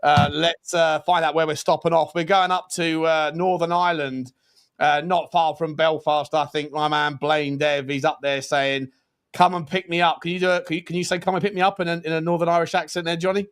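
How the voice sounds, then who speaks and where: A man's voice: fairly high pitch, little pitch movement, a little fast, fairly bright tone, clear, resonant tone. Chatty English man co-hosting a live stream. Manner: chatty, rambling, lots of fillers. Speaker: co-host. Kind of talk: casual live-stream chat.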